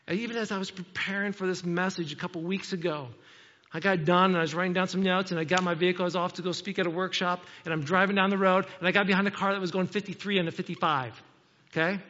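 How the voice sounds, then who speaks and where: A man preaching a sermon as pastor, telling animated stories and often asking "okay?". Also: high voice, quick pace, in a large hall, highs cut off. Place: church.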